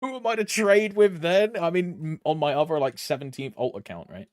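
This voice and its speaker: A young British man with flaring allergies chats casually with his stream chat, rambling between thoughts and humming softly between lines. His lively voice swings widely in pitch and moves briskly, and the sound is dry and close with no room echo.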